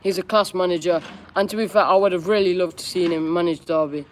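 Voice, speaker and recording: A man's voice: sits high, steady tone, quick pace. A young man hosting a live-stream Q&A, reading viewers' questions aloud and answering in a chatty, candid way with casual slang. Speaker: football fan streamer.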